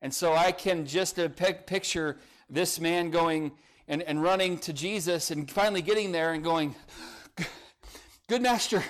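An older man preaches a sermon in a somewhat high voice. He is earnest and presses his listeners with direct questions. Now and then he lightens it with a folksy joke. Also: steady tone, normal speed. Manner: earnest, rises to urgent emphasis, asks the congregation direct questions; folksy asides and light humor.

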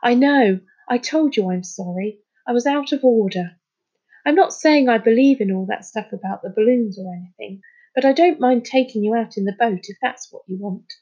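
A woman's voice: fairly high pitch, normal speed, warm tone, breathy edge, dull audio. A woman playing a blunt, cocky boy. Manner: blunt, boastful. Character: cocky, boat-proud young boy. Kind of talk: storybook reading.

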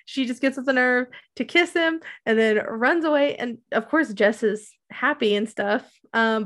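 A woman co-hosting a podcast, recapping a TV show in casual chat, rambling with many "um"s and "like"s. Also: a little high. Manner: rambling, many fillers and likes. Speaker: podcast co-host.

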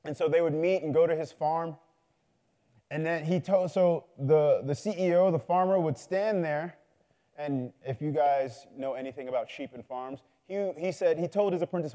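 A man's voice: fairly high pitch, moderate pace, mellow. A man preaching a sermon, telling a story in a loose, conversational way and building to fervent appeals.

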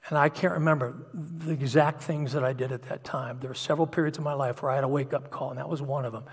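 Man, middle-aged, preacher, sermon, husky tone, confessional, hushed to loud, long hall reverb. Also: medium pitch, steady tone, quick pace. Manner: emotional, confessional storytelling with swings from hushed to loud.

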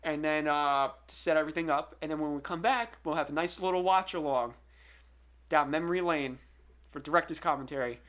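A man with a bright, slightly high voice hosts a loose podcast chat. He talks in a rambling way, stammering and restarting with plenty of fillers. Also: brisk. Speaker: podcast host and filmmaker. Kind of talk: casual podcast chat and commentary.

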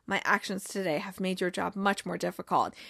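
A woman's voice: on the low side, fairly even intonation, brisk, vocal fry, fairly bright tone, dry recording, studio quality, voice pushed down. A woman voicing a grandiose, self-adoring male star footballer who speaks in solemn, lofty pronouncements.

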